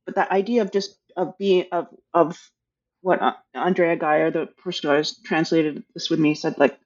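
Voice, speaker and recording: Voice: medium pitch, fairly even intonation, normal speed, muffled recording. An author talking casually about their book, hesitant and thinking aloud, with many restarts. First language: English.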